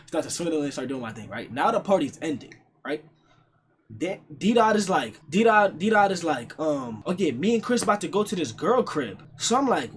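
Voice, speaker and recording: A young man telling a story casually on a livestream, animated and profane, repeating lines for emphasis. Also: on the high side, a little fast, slight background noise. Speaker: streamer.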